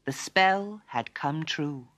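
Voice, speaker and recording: A woman narrating a fairy tale for children in an expressive, lilting storytelling manner. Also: low-pitched, slow, a little hiss or hum.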